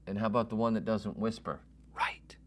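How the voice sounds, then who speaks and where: A man in his forties hosting a solo comedy podcast, brash and self-mocking, swearing freely and swinging between loud bursts and whispers. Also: on the low side, steady tone, fairly quick, slight background noise. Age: 40s. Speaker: podcast host.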